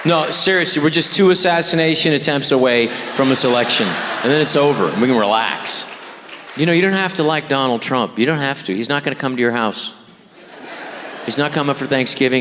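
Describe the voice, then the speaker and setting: Stand-up comic on stage over crowd noise. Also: male voice, medium pitch, long reverb tail. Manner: wry, mocking, puts on voices for jokes. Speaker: stand-up comedian. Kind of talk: stand-up comedy set. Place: comedy stage before a live audience. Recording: live club recording with loud crowd noise.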